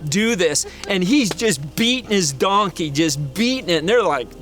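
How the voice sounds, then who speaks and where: A middle-aged man preaching, an animated storyteller who acts out the voices in the story. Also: high voice, moderate pace, hardly any pauses, faint music behind. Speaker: pastor. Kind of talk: sermon storytelling.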